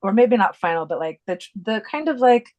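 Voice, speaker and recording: A woman's voice: mid-range voice, animated, fairly quick, darkish tone, highs cut off. A woman co-hosting a podcast in casual chat, musing and searching for her words. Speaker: podcast co-host.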